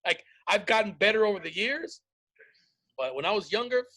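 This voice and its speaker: A man's voice: sits high, animated, normal speed, bright, forceful tone. A man hosting a comedy podcast, swearing freely and telling stories with acted-out voices in casual chat. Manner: profane storytelling, acts out quoted voices. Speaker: podcast host.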